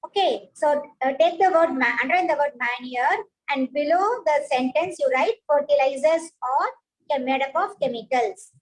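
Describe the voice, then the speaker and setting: A woman's voice: high voice, normal speed, poor audio. A woman, teaching a science class, patiently repeating points and praising pupils by name.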